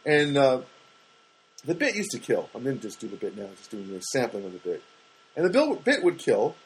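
A man's voice: fairly quick, husky, low-quality recording. A middle-aged man, a stand-up comedian, rambling through a comedic monologue and acting out what people said to him. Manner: animated, acts out quoted voices with big pitch jumps.

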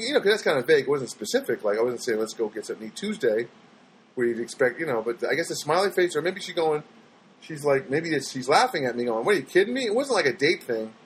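Speaking at a medium pitch over poor audio with a faint hiss or hum, a man recounts everyday happenings to his viewers. His storytelling is loose and exasperated, full of restarts and impressions of the people he quotes.

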